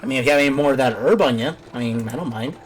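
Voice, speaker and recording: A man's voice: medium pitch, very fast. A young man streaming a game, giving easygoing casual commentary and laughing often.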